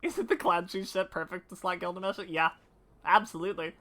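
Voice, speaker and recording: A woman livestreaming a game, chatting casually and excitably with her viewers. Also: fairly low pitch, fairly quick. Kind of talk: casual live-stream chat while gaming.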